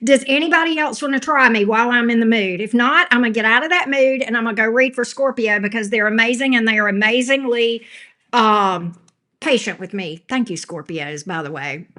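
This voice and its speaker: Sassy woman, bright voice. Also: fairly high pitch, brisk. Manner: sassy, scolding chat trolls, laughs a lot. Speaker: tarot reader. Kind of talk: live-stream tarot reading.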